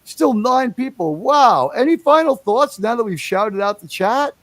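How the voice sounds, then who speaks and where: A man's voice: very high voice, animated, a little slow, no echo. A man hosting a casual livestream, rambling and chatty, with enthusiastic, profane asides. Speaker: livestream host.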